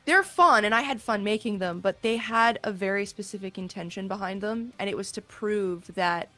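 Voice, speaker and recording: A woman's voice: medium pitch, normal speed, pushed and bright, soft background music. A young woman, a singer, talking as an interview guest in a candid, thoughtful way with some hesitations. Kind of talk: casual video interview.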